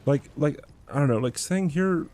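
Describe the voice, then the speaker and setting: A man's voice: on the high side, normal speed, mellow. A young man livestreaming a game, chatting in a rambling, self-deprecating way and laughing often. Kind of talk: casual chat while gaming.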